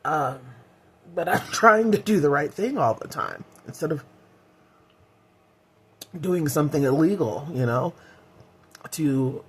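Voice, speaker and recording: A woman's voice: extremely low pitch, husky. A middle-aged woman vlogging in a candid, heartfelt way, rambling with fillers as she talks. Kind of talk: casual personal vlog.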